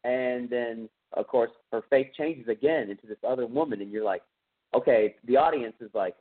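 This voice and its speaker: A man with a Texan accent, hosting a podcast and casually recapping a horror film in a rambling, animated way, slipping into quoted voices. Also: mid-range voice, moderate pace. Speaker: podcast host. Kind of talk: casual movie recap chat. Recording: tinny phone-like sound.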